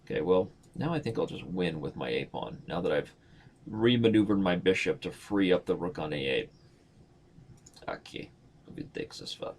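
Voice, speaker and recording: A man's voice: deep voice, very animated, normal speed, a little mellow, slight background noise. A man streaming blitz chess and commenting on his own moves in a playful, slangy way.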